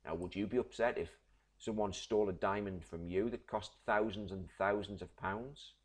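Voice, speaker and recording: A deep-voiced man teaches a recorded literature lesson. He explains patiently, step by step, and keeps checking in with his class. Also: fairly even intonation, normal speed. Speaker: English teacher.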